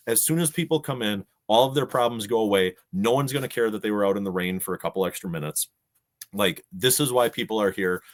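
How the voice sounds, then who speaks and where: A middle-aged man, a podcast guest, telling stories in a casual way and acting out what people said. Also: fairly low pitch. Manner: animated storyteller, acts out quotes. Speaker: podcast guest, gaming show organizer. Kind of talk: casual storytelling.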